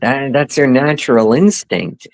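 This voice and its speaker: A man telling a story in casual talk, halting and restarting often. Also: medium pitch, dry recording. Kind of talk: casual chat.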